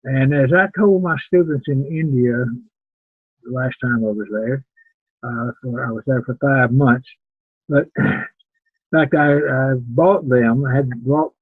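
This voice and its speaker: A man's voice: mid-range voice, a little slow, breathy edge, no room sound. An older man teaching preaching students in an earnest, plain-spoken way, often repeating words as he thinks. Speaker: preaching instructor. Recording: tinny phone-like sound.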